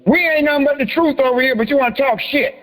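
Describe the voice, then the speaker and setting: A man's voice: very high voice, fast talker, a bit bright. A man hosting a group meeting, joking, swearing and laughing, then walking listeners through a form letter. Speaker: host of a private group meeting. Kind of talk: casual teaching talk. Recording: long echoing reverb.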